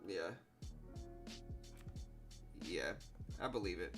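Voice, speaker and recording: Relaxed Southern man livestreaming. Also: low voice, extremely slow, music in the background. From South Louisiana. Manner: relaxed, rambling, lots of fillers. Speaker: stock trading livestream host. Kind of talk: casual livestream chat.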